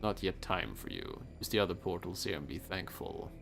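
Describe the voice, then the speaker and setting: A man voicing a hooded male Reaper from a fantasy game, speaking slow and formal. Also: deep voice, big pitch swings, gravelly, background noise, voice pushed down, heavily acted. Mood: solemn. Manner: slow, hushed, formal old-style speech. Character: hooded male Reaper, enigmatic, solemn, apologetic. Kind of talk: game dialogue read aloud.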